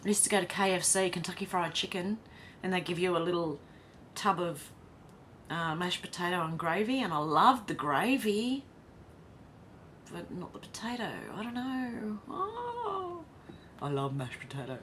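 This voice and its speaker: Australian woman, livestream host; casual, giggly chat reader with a lowish voice. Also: very animated, moderate pace, fairly bright tone, slight background noise. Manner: chatty, reads chat messages aloud, laughs often. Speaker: livestream host reading viewer comments.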